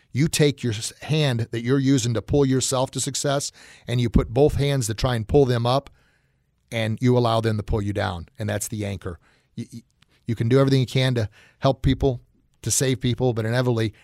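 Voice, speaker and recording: A man hosts a motivational podcast in a folksy, encouraging manner, full of fillers. His voice sits at a middle pitch and sounds dry and close to the mic. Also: a little mellow, dry recording. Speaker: podcast host. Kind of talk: motivational talk.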